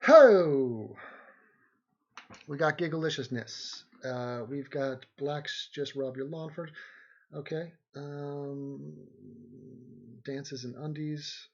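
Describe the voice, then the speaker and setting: A man's voice: a little high, level tone, slow pace, lo-fi sound. A man hosting a livestream in casual chat, rambling and joking as he reads viewer comments aloud. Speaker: livestream host.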